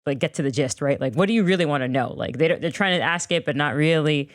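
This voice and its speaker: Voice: medium pitch, fast talker, dry recording, clean studio sound. A podcast host chatting casually and agreeably with a guest, relating to what the guest says. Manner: relatable, agreeable listener who laughs along. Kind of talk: casual interview chat.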